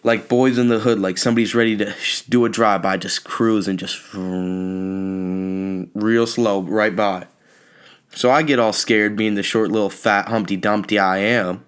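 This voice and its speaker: A young man hosting a podcast, telling a comic story in an animated, exasperated rant with sudden high-pitched outbursts. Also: moderate pace. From California. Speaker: podcast host. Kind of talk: comedic storytelling monologue.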